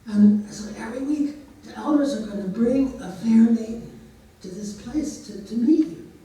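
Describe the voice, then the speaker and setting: A man's voice: very high voice, normal speed, warm tone, very echoey, recorded from a distance, slight background noise, rough recording. A man telling a story in a casual way, now and then putting on voices for the characters. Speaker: storyteller and therapist.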